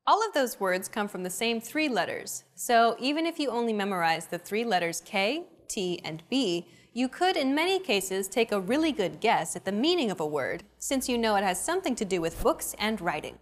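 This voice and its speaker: A young adult woman hosting a language lesson, with clear, upbeat, teacherly scripted narration. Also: mid-range voice, sing-song, normal speed, few pauses.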